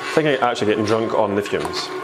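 A Scottish man with a fairly low voice talks through a baking recipe in a chatty, joking way. He is recorded in a kitchen, and steady background noise and clicking sounds are clearly heard behind him. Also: fast talker. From Scotland. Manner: chatty and jokey, with fillers. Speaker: baking instructor. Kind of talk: casual cooking tutorial.

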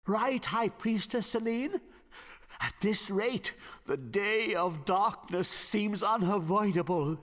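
A man voicing an anxious, gloomy cardinal in a game cutscene, speaking slowly and worriedly with sighs. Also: high voice, animated, a bit bright, heavily acted. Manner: slow, worried, sighing. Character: fearful older male cardinal, gloomy and anxious. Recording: long reverb, game audio.

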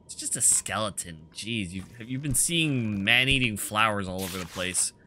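A man streaming a horror game, excitable, shouting battle cries and laughing as he plays. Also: fairly low pitch, normal speed, hardly any pauses, slight background noise. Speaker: gaming streamer. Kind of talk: playing and commenting on a horror game. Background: game music.

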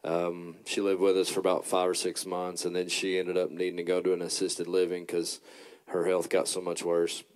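Male worship pastor, low smooth voice, reflective casual talk. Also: completely flat delivery, darkish tone. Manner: reflective, halting with fillers. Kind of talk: casual testimony chat.

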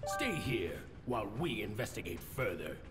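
An actor voicing an officious crow detective agent in a game, giving commanding orders. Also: male voice, fairly low pitch, very animated, normal speed, over loud music. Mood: stern. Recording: reverberant with clear noise.

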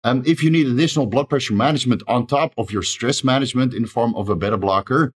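A man hosting his own channel, delivering a fast solo advice monologue and rattling off lists of dosages, often tagging lines with "right?". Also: medium pitch, breathy edge. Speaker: channel host giving advice.

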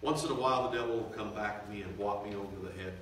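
Booming preacher in an echoey church. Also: male voice, distant mic, a little hiss or hum. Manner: swells loud and slow for emphasis, drops to quiet confiding tones. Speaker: revival preacher. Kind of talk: sermon. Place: church sanctuary.

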